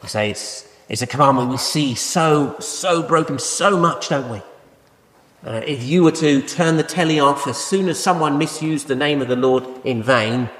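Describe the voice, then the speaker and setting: A man's voice: on the high side, normal speed, a bit bright. A man preaching a sermon in a conversational way, often asking rhetorical questions. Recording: echoey hall with long reverb.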